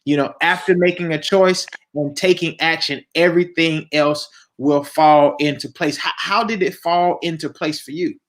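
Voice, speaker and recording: A man's voice: fairly high pitch, steady tone, moderate pace, a bit bright. A man, a pastor hosting an interview, who affirms his guest and often stammers and repeats words. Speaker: pastor and host.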